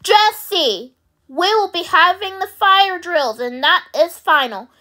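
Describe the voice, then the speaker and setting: A woman's voice: extremely high pitch, expressive, slow pace, bright, forceful tone, heavily acted. A woman voicing a strict, insistent schoolteacher in a homemade cartoon, repeating her orders sternly. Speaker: teacher figure.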